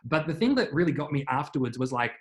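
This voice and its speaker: A man's voice: fairly high pitch, very animated, fast. Thoughtful man in an echoey room. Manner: thoughtful, reflective, frequent "like". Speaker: podcast co-host. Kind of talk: casual film review chat. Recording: roomy echo.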